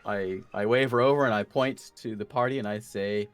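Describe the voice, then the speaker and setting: A man's voice: fairly low pitch, moderate pace, clean tone, dry recording, faint music behind. A man playing a tabletop game, describing his character's actions with hesitant restarts. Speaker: player.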